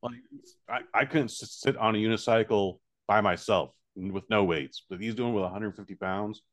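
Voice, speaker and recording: A man with a lowish voice co-hosts a casual comedy podcast. He is dry and teasing, and stays laid-back even as he corrects his partner or riffs on a bit. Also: moderate pace. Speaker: podcast co-host.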